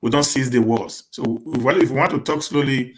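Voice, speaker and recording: A man with a Nigerian accent chatting casually to his live-stream viewers, talking quickly and often repeating and restarting words as he mixes in pidgin. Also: mid-range voice, steady tone. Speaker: live-stream host answering viewer questions.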